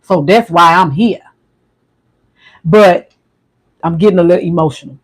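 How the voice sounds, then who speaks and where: A man with a fairly high voice talks on his livestream in a quiet, halting way. He restarts and repeats his words often, like a personal monologue. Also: breathy edge, rough recording. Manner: soft-spoken, halting, repeats himself. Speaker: livestream host.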